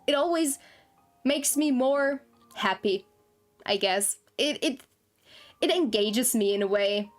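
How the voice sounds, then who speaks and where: A young woman streamer rambling casually to her chat, giggling often and easily flustered. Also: sits high. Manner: rambling, giggly and self-conscious. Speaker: game streamer. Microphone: desktop streaming mic, no camera.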